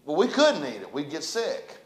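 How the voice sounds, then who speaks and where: A man preaching a sermon as pastor, telling stories and acting out scenes with shouts. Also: on the high side, wildly swooping pitch, unhurried. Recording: echoey church room.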